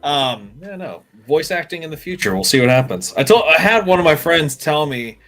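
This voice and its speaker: A podcast host with a slightly high, fairly bright voice chats casually at a fairly quick pace. His intonation is lively, and he rambles and laughs often.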